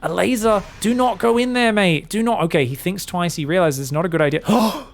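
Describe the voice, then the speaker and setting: A man casting an esports match solo, excitable and jokey, with casual swearing. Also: high-pitched, a little fast, vocal fry. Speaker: esports commentator. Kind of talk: solo game commentary.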